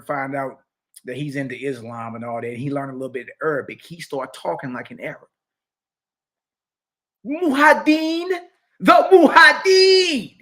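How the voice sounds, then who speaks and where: A man's voice: on the high side, fairly bright tone. A middle-aged man giving a fiery scripture lesson as a religious teacher, preachy and mocking, confrontational toward his critics.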